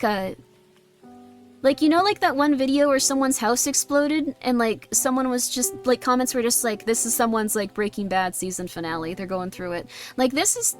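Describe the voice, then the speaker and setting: A woman streamer chatting casually on a livestream, rambling and reading chat messages aloud. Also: on the high side.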